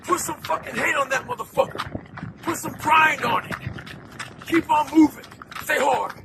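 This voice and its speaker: A man's voice: extremely high pitch, sing-song, normal speed, vocal fry, pauses often, very noisy. A man giving a blunt, intense motivational talk, commanding and full of profanity. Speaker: motivational speaker.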